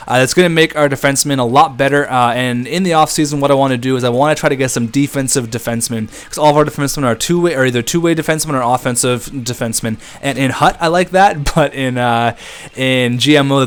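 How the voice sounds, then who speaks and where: A young man giving casual, excitable commentary on a hockey video game, chatting to his viewers. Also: medium pitch, clean tone. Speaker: gaming YouTuber. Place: home room at a desk with a squeaky chair.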